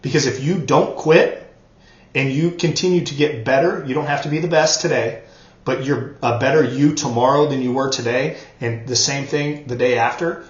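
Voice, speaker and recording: A man's voice: medium pitch, fairly even intonation, normal speed. A man giving an earnest motivational training talk, repeating words for emphasis. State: choked up, coughing. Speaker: network marketing trainer. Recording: roomy, dull lo-fi sound.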